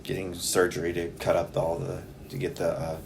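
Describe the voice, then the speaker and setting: A man's voice: deep voice, monotone, brisk, creaky, slight background noise. A laid-back young man hosting a podcast, chatting casually and sounding a little sleepy. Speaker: podcast host. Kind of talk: casual chat.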